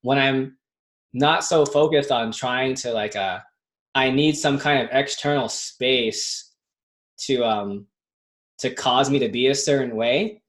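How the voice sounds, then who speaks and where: A man's voice: medium pitch, slow pace, a bit bright. A man in his thirties in a casual spiritual chat, reflective and rambling, full of fillers.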